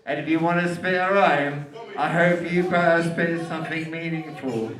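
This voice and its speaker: A man's voice: fairly high pitch, steady tone, moderate pace. A man addressing a crowd casually, rambling with fillers and restarts. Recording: echoey live room with music behind.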